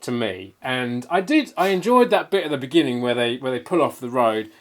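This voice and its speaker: A man's voice: medium pitch, very animated, brisk. A man co-hosting a casual film review chat, rambling with many restarts and fillers. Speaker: film podcast co-host.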